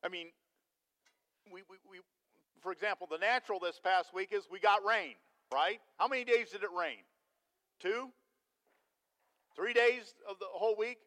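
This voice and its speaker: A man preaching a sermon as pastor, telling a story with animated energy and putting questions to the congregation. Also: high voice, moderate pace, long pauses. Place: church sanctuary. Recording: long hall reverb.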